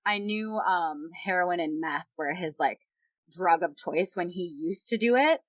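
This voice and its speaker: A woman's voice: on the low side, measured pace, no echo. A young woman guest on a podcast, candidly retelling a personal story with lots of quoted dialogue.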